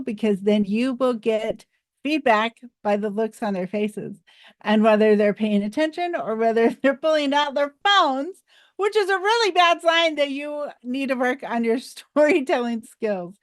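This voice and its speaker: A woman with a fairly high voice teaches storytelling to camera, upbeat and animated, with a playful streak. The sound is dry and close, with no room echo. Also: moderate pace. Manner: animated, playful, laughs at herself. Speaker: public speaking coach. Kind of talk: instructional talk to camera.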